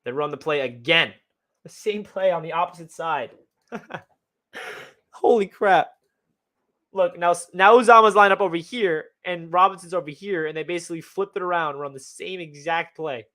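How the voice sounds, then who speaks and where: A young man excitedly breaking down game film as a fan analyst, talking in a slangy way full of exclamations. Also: a little high, fairly quick.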